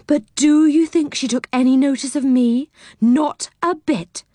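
A woman voicing a lively, cheeky fairy girl in a storybook read-aloud, retelling events with high, animated emphasis. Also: measured pace, no echo, studio quality. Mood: scornful.

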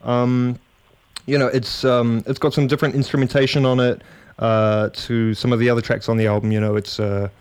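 Laid-back slangy Kiwi radio host. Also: male voice, mid-range voice, flat delivery, moderate pace, darkish tone, smooth, dry recording. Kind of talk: casual radio chat.

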